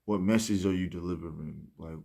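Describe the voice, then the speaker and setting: A man speaking in a rambling, reflective monologue, often restarting and trailing off softly. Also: low-pitched, a little fast, creaky. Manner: rambling, many fillers and restarts; soft-spoken, trailing off. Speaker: musician speaking about his mindset.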